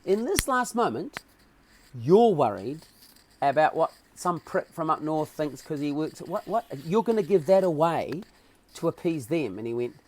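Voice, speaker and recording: Slight background noise accompanies a podcast guest with a New Zealand accent as he tells an animated story. His voice is on the high side at a normal speed, and he acts out dialogue with lively swings in his voice.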